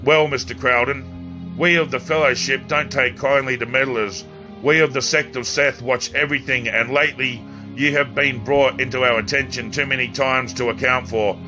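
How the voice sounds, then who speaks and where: A man's voice: mid-range voice, steady tone, moderate pace, over music, lightly acted. A man voicing a sinister, polite male cult leader speaking on the phone in an audiobook. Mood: menacing calm. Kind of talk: audiobook character reading.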